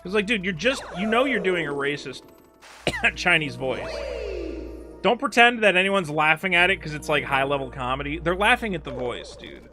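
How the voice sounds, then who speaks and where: A man streaming a video game, chatting casually in a rambling, profane way with quick asides. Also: a little high, sing-song. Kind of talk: casual gameplay chat. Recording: clear game music underneath. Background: game music.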